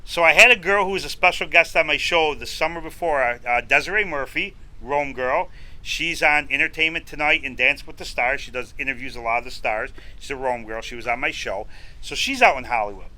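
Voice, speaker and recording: In a casual interview, a middle-aged upstate New York man who hosts a food show tells a long story on a podcast, playing both sides of each conversation himself. His voice runs on the high side, pushed and bright, and his pace is brisk. The recording quality is rough.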